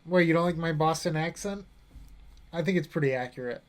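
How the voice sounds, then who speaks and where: A man's voice: a little high, fairly quick. A young man streaming a card game, thinking through plays aloud and chatting casually with viewers. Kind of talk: casual gameplay commentary.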